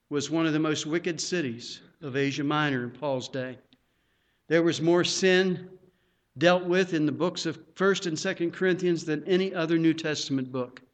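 A man's voice: on the high side, measured pace. A man preaching a sermon, earnest and emphatic, drawing out his phrases.

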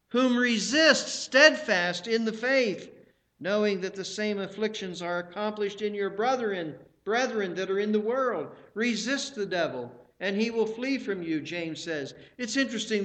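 A man with a high-pitched voice preaches a sermon. He speaks with emphasis and repeats key phrases for effect. When quoting scripture he slows down and lifts his voice. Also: fairly bright tone.

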